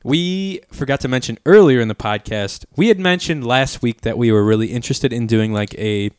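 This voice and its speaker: A man's voice: medium pitch, normal speed, clean tone, dry recording, clean studio sound. Laid-back young podcast guy. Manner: laid-back, swears freely, lots of fillers. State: drinking beer while talking. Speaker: podcast co-host. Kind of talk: casual podcast chat.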